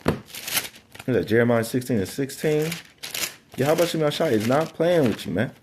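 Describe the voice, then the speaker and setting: A man's voice: medium pitch, animated, normal speed, noisy background. A man giving a casual Bible teaching, reading scripture aloud in an emphatic way with slangy asides and frequent stumbles over words. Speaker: preacher.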